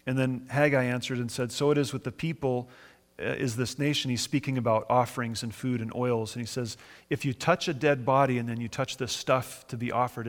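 A man's voice: mid-range voice, long reverb tail. A man delivering a conversational, enthusiastic sermon, reading and explaining scripture to his congregation. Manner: enthusiastic, conversational Bible teaching with dramatic quoted voices. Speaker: pastor.

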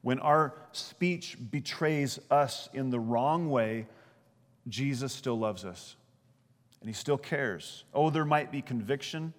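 Casting: male pastor, mid-pitched voice, earnest conversational sermon delivery, long hall reverb. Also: takes it slowly. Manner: earnest, conversational preaching with light laughter.

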